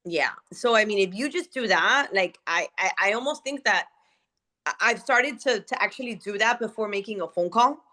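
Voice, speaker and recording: A woman beauty consultant in casual chat, animated, with lots of fillers and restarts. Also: medium pitch, normal speed.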